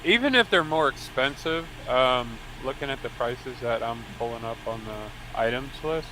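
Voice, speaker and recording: A man playing a tabletop game, thinking aloud with a hesitant, halting manner. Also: mid-range voice, lively intonation, bright, forceful tone, slight background noise, low-quality recording. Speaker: player. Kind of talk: casual tabletop play.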